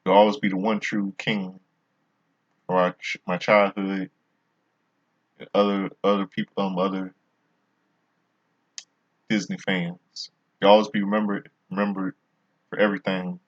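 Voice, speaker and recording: Male vlogger, very low voice, casual rambling review delivery with lots of restarts, dull lo-fi sound. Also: level tone, measured pace, pauses often. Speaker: wrestling show reviewer.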